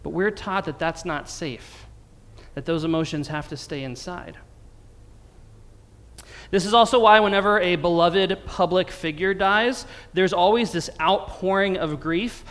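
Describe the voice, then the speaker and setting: Man, American pastor, sermon, conversational and wry, high voice, echoing sanctuary. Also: measured pace, fairly bright tone. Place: church sanctuary. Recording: long reverb of a church sanctuary.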